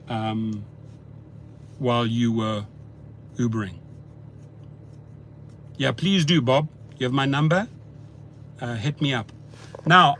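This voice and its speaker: A man's voice: medium pitch, a bit bright, slight background noise. A man talking casually on a livestream from his parked car, chatty and often repeating words as he restarts his sentences. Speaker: rideshare driver host answering live chat.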